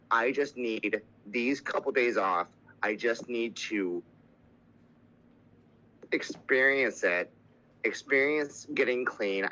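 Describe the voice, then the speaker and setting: Guy on a podcast telling a raw personal story, bright tone, gets emotional and cusses. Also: medium pitch, rough recording. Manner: emotional, swearing, quoting others. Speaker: podcast guest.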